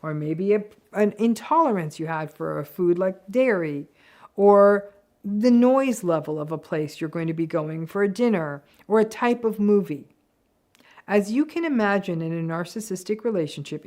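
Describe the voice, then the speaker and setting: A woman's voice: mid-range voice, darkish tone. A woman psychologist giving an educational talk to camera. She speaks directly and with emphasis, acting out the replies she quotes. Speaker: psychologist explaining healthy relationships.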